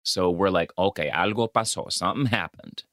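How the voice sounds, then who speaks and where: This time the Dominican-American co-host speaks in a low voice at a brisk clip, switching between English and Spanish as he animatedly recaps a film on a casual podcast. It's studio-quality audio with no echo.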